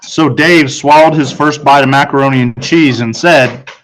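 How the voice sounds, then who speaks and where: A male teacher reads a children's novel aloud. His voice sits at a middle pitch. He keeps the narration steady and quickens through the tense passages. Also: poor audio. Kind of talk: read-aloud storytelling.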